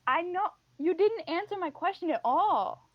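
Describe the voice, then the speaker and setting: A woman's voice: very high voice, animated, moderate pace, no room sound. A woman playing a tabletop game in character, tossing out playful, teasing comebacks. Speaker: player. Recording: dull lo-fi.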